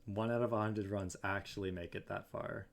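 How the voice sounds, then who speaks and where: A man's voice: fairly low pitch, fairly even intonation, normal speed, vocal fry. A young man streaming live, talking glumly in casual chat and repeating his phrases.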